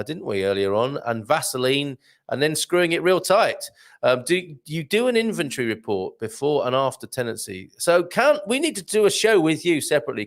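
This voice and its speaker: Chatty man hosting a livestream. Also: mid-range voice. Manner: chatty, jokey, reads comments aloud with asides. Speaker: livestream host reading viewer comments. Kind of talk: casual live-stream chat.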